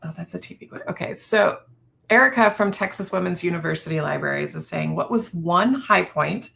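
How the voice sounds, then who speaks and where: A woman's voice: lowish voice, brisk, gravelly, a bit bright. A woman moderating a webinar, easygoing, reading out audience questions over a video call and laughing along with the guest.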